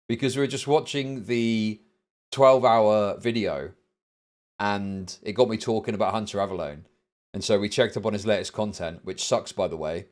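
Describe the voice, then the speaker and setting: A man, a streamer host giving profane, sarcastic reaction commentary. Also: lowish voice. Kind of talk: casual livestream reaction commentary.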